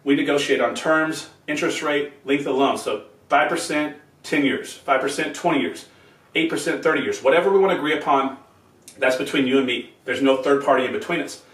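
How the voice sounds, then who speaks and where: A man hosting a real estate channel, quickly and plainly walking through an example step by step in a casual explainer. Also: fairly high pitch, a bit bright. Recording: roomy sound from a distance off the mic.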